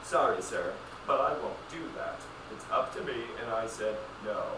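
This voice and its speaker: A man's voice: mid-range voice, animated, normal speed, natural voice. Prim, unyielding AI helper, put on by a man; roomy, distant recording with noise. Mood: prim refusal. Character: stubborn customer-service AI refusing politely. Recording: roomy, distant, noisy room.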